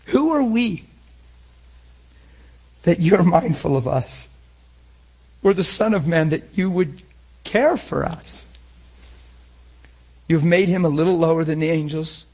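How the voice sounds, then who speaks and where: A man preaching a sermon, emotional, swinging between loud and hushed. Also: fairly high pitch, highs cut off.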